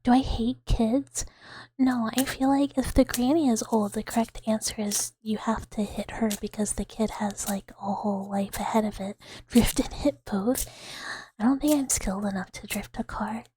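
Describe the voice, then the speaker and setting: A woman in her thirties hosting a whispered ASMR livestream, breathy and giggly, rambling as she greets chat on a close mic. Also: on the high side, normal speed, dark tone, dry recording. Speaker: ASMR streamer.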